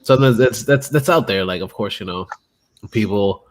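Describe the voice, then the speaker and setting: A man with a very low voice chats on a podcast, agreeable and easygoing. He speaks hesitantly, restarting his sentences as he works toward his point. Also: moderate pace. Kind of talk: casual podcast chat.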